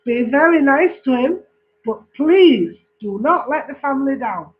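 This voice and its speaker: A man puts on a stern father giving his son a solemn warning. The voice sits high and unhurried. It comes through a thin, phone-like recording. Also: lively intonation, a little hiss or hum.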